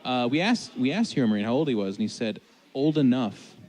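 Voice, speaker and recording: A man's voice: mid-range voice, big pitch swings, rapid-fire, a little mellow. A man, an esports commentator, chatting casually and joking, acting out imagined conversations. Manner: joking, acts out imagined dialogue. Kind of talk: casual chat.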